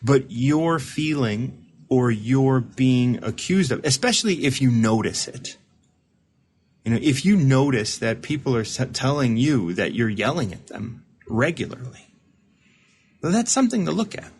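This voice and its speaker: A man's voice: mid-range voice, sing-song, measured pace, darkish tone, slight background noise. A man serving as host and recovery mentor, explaining ideas to a caller in casual talk, often repeating and restarting words.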